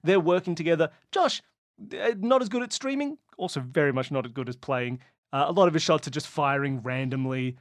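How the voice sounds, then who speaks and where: A man runs a spoken mystery game as game master, describing each scene in a lively, playful way. His pitch moves a great deal, and he sounds close and dry. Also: fairly quick, no echo.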